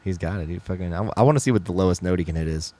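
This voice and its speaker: A man's voice: low-pitched, rapid-fire, dark tone. A man co-hosting a casual band podcast from Georgia, rambling and cursing freely, laughing often. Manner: rambling, profane, laughing, slips into mimicked voices. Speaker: band member and podcast co-host. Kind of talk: casual banter.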